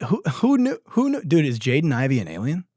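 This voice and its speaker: A man's voice: a little high, huge pitch swings, a little fast, darkish tone, no room sound, clean studio sound. A man hosting a comedy podcast, profane and exasperated, often breaking into laughter as he comments. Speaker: podcast host.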